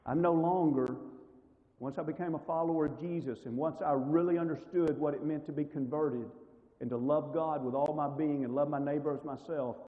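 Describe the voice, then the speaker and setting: Mellow-voiced man teaching a church class. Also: fairly high pitch, steady tone, moderate pace, in a large hall, low-quality recording. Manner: conversational, rhetorical questions to audience. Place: church hall.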